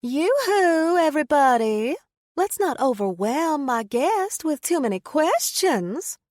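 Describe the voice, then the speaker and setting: A woman's voice: high voice, sing-song, slow pace, a little mellow, no echo, studio quality, voice pushed up, exaggerated voice. A woman voicing a flamboyant, scheming female event planner with a Southern American accent and a showy, crooning manner. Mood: syrupy showy.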